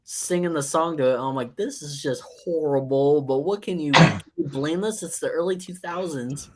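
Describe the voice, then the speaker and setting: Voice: medium pitch, brisk. A panelist chatting casually, joking and mimicking other people's voices. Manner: lively, mimics voices, jokey. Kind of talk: casual chat.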